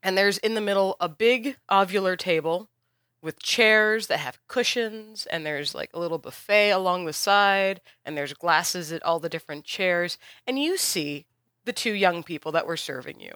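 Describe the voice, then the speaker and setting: Bright-voiced game master narrating casually. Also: mid-range voice, moderate pace, clear, resonant tone, dry recording. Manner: casual, descriptive narration with fillers.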